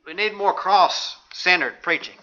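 A man's voice: high-pitched, measured pace, sharp tone, muffled recording. A man preaching a sermon, emphatic and rhetorical, quoting scripture in old-fashioned wording.

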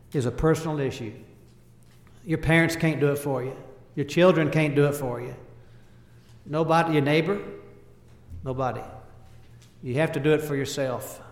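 A man preaching a sermon in short, emphatic phrases, quoting scripture in old-fashioned wording. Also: on the high side. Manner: earnest, quotes scripture in King James wording; speaks in short emphatic phrases, voice rising and falling in volume. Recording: echoey hall with long reverb.

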